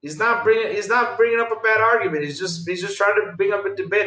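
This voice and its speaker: A man's voice: high voice, quick pace, bright, forceful tone, roomy sound. A man hosting a gaming podcast, chatting casually and reacting to live chat, laughing often and repeating himself.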